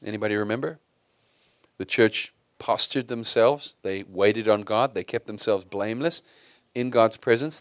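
A man's voice: lowish voice, no room sound. A middle-aged man preaching a sermon in a conversational style, asking his congregation rhetorical questions. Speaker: pastor.

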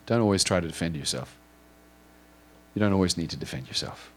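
A man with a somewhat low voice preaches in a loose, conversational way. He stumbles, restarts and strings clauses together with repeated "and"s, earnest and heartfelt as he retells the story. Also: animated. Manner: halting, many repeated ands and restarts; earnest and emotional. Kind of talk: informal sermon retelling a story.

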